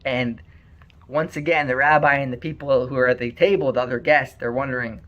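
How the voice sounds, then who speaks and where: A man telling a story aloud in an earnest, animated way, on a muffled lo-fi recording. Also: medium pitch, brisk. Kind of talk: spoken storytelling.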